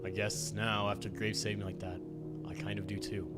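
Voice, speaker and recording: A man's voice: fairly low pitch, level tone, normal speed, over loud music. A man streaming a visual novel, reading it aloud with playful, wry asides.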